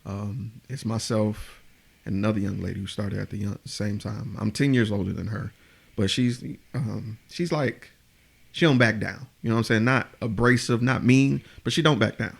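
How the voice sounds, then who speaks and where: A man's voice: on the low side, normal speed, gravelly, husky. A man hosting a casual conversation, telling a workplace story and acting out what people said. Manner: animated storyteller, acts out quotes. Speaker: host. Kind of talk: casual chat.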